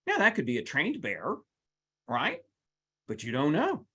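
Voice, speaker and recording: A man's voice: fairly high pitch, huge pitch swings, measured pace, pushed and bright, husky. A man teaching a live workplace seminar, talking straight to the audience with playful asides. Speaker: workplace trainer.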